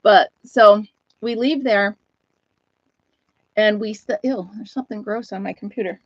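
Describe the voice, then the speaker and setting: A woman's voice: mid-range voice, unhurried, no room sound, dull audio. A chatty woman hosting a casual live stream, telling stories and greeting viewers by name as she goes. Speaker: host of a live chat stream.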